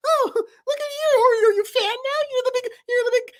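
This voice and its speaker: Fussy, high-strung cartoon paper object, shrill and pedantic; a woman plays him. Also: a little fast. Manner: fretful, nitpicking.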